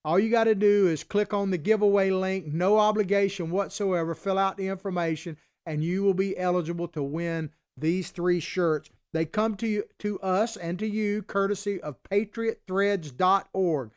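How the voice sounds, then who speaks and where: A man's voice: sits high, normal speed, hardly any pauses, clear, resonant tone. A man from Florida with an old Southern Florida cracker accent, hosting a live political talk show in a folksy, chatty way.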